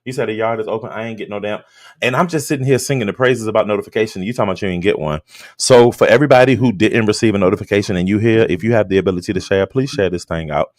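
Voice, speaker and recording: A man's voice: lowish voice, very fast, dry recording, studio quality. A man hosting a late-night livestream, chatting casually and bluntly with plenty of swearing, greeting viewers by name. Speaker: livestream host. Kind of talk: casual live-stream chat and gossip commentary. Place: room at home with a door.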